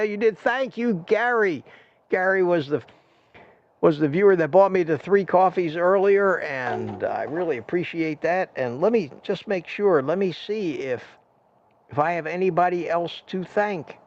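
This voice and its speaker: An older man holds forth on his own live stream, ranting freely and running himself down while thanking his viewers one by one. His voice sits a little high for a man. The stream audio sounds dull and lo-fi. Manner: ranting, self-deprecating, thanks viewers by name. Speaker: livestream host. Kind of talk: rambling live-stream rant and chat.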